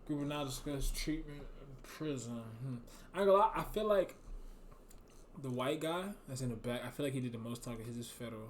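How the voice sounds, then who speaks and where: A man streaming live, reacting to a video with animated, slangy commentary and guesses. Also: medium pitch, a little fast, slight background noise. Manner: animated, slangy, speculating aloud.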